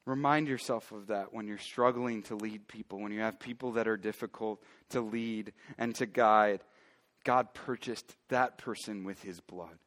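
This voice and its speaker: A male pastor preaching a sermon emphatically, moving between loud declarations and quiet, hushed asides. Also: on the low side, moderate pace, in a large hall.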